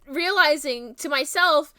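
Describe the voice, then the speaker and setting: A woman's voice: high voice, measured pace, sharp tone. A young woman with a New Jersey and Philadelphia-area accent, chatting casually on her stream in a rambling, self-mocking way and giggling often. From New Jersey, USA. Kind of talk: casual chat.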